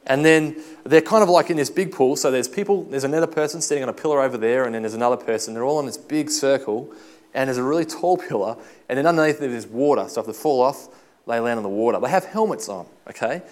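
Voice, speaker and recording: A man preaching a casual sermon, telling chatty, self-deprecating stories in an animated way. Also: mid-range voice, fast talker.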